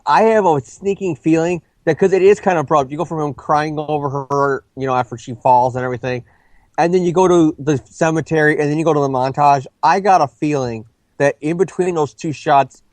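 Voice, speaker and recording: A man co-hosting a movie review chat, rambling quickly with many restarts and self-corrections. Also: fairly high pitch, dry recording. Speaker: co-host of a movie review show.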